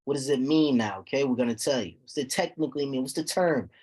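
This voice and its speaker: A man teaching a recitation class, explaining terms slowly and checking on his students with repeated "okay?". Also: medium pitch, a little mellow. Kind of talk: classroom lesson.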